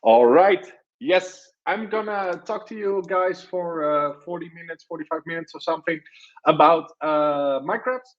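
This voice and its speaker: Halting man presenting over a call. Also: fairly high pitch. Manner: hesitant, many fillers. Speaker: conference presenter. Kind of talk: live webinar presentation. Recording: dull lo-fi online audio.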